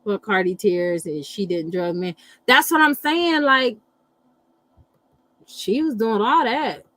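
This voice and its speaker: A middle-aged woman hosting a casual live chat, animated and blunt, swearing freely and reacting to viewer comments. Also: mid-range voice, slow, no echo, poor audio. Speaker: livestream host reading astrology.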